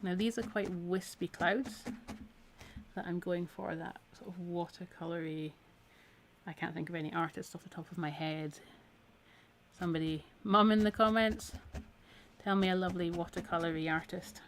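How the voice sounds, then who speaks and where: A Scottish woman teaches needle felting on a live stream, her lowish voice moving at a moderate pace with fairly even intonation, with slight background noise. Chatty and encouraging, she talks while working, her voice slightly tired from a week of talking.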